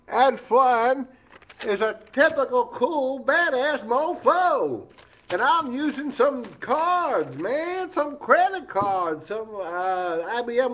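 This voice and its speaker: A man's voice: high-pitched, fairly bright tone, slight background noise. A man playing a scatterbrained, boastful old newspaperman in a comic monologue, rambling off topic and stumbling over his words. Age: older. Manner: rambling, digressive, loses his place and stammers. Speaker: comedian doing a tribute impression.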